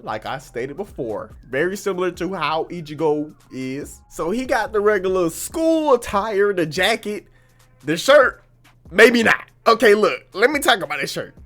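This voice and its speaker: A young woman talking casually as a video creator, slangy and animated, laughing as she goes. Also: medium pitch. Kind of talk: casual chatty commentary.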